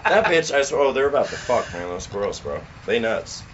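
A man's voice: mid-range voice, very animated, brisk. A man co-hosting a podcast from his own back patio, teasing and swearing casually. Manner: crude, teasing. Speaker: podcast co-host. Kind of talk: casual banter. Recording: dull lo-fi recording with clear noise.

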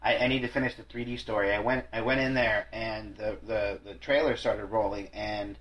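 A man's voice: on the low side, fairly even intonation, normal speed, highs cut off. A man hosting a podcast in casual chat, rambling and self-deprecating, with frequent swearing and restarts. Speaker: podcast host.

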